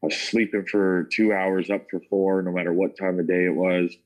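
A man with an American accent and a notably deep, low voice recounts his past in a loose, conversational way. He speaks casually, leaning on fillers and restarts as he tells his testimony to an interviewer. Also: level tone, moderate pace, rough recording. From United States. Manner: casual, filler-heavy, says "like" and "man" often. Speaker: interview guest. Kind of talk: personal testimony storytelling.

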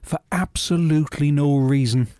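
A man's voice: on the high side, moderate pace, dark tone, dry recording. Wry British man, dry close sound. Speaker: podcast co-host. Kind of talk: casual chat review.

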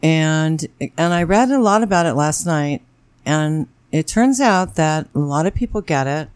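A blunt woman in her forties chats frankly on a podcast and swears without a second thought. Her voice is smooth and resonant, recorded dry and close. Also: sits low, lively intonation, a little slow, no room sound. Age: 40s. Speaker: podcast co-host. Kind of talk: casual chat.

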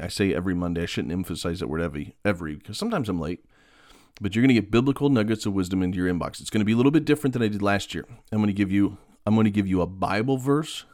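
Lowish guy doing a bible podcast, chatty and rambly with lots of ums, dry close sound. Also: no room sound. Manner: relaxed, rambling, self-deprecating with filler ums. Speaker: podcast host and pastor. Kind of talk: casual devotional podcast talk.

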